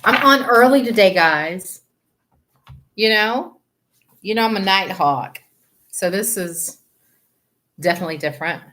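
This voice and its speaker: A woman's voice: mid-range voice, animated, measured pace, pauses often, fairly bright tone, slight background noise. A woman tarot reader on a live stream, chatting casually with viewers, greeting them by name and laughing often.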